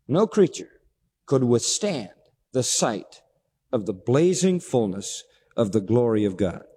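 A man's voice: a little slow, slightly rough, long reverb tail. A man preaching a sermon, who acts out the dialogue he quotes. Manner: expressive, acts out quoted dialogue with sweeping pitch.

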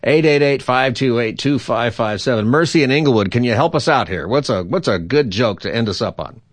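A man hosting a call-in radio show, telling a corny joke and jumping up high for each character. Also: fairly quick, no echo. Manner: animated, jumps high for quoted characters.

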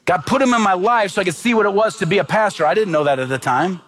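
A man's voice: high voice, fast talker, a bit bright. A middle-aged man preaching a sermon as pastor, earnest and emphatic, asking the congregation rhetorical questions.

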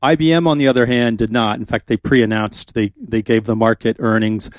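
A man's voice: mid-range voice, steady tone, brisk, dry recording. A man hosting a radio talk show, chatting casually and rambling with fillers in a studio.

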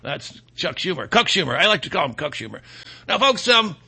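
A sarcastic middle-aged man running a political commentary monologue, with a high-pitched voice. His tone is very bright and sharp, with a gravelly crackle. He rambles with fillers and mocking asides. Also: very animated, normal speed.

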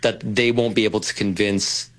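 A man appearing as a guest commentator on talk radio, talking in a measured, analytical way. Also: fairly low pitch, steady tone, poor audio.

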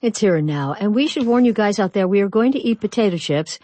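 A woman's voice: mid-range voice, expressive, quick pace, warm tone, no room sound. A woman hosting a radio show in a playful, chatty way. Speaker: radio host. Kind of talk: casual radio chat.

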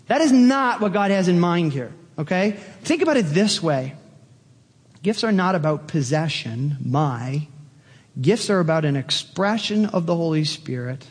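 A man preaching a sermon as pastor, animated and emphatic, climbing high to stress his points. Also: big-room sound. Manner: animated, rises high for emphasis, acts out quoted attitudes.

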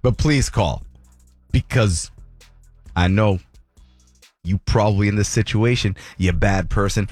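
A man's voice: fairly low pitch, measured pace, pauses often, a little mellow, no room sound, soft background music. A man hosting a morning radio show, telling a story in a rambling, laughing way with lots of fillers. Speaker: radio host. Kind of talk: casual morning radio banter. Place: radio studio.

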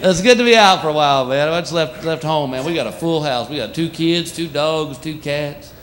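A man doing a stand-up comedy routine in front of a live audience, animated, jumping into silly voices. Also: a little fast. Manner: animated, jumps into silly high voices for pets. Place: comedy stage before a laughing audience. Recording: live club with loud crowd laughter and noise.

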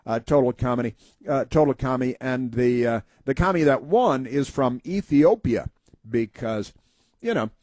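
A man's voice: medium pitch, lively intonation, measured pace, darkish tone, no room sound. Rambling folksy talk show host man. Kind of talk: opinionated talk show monologue.

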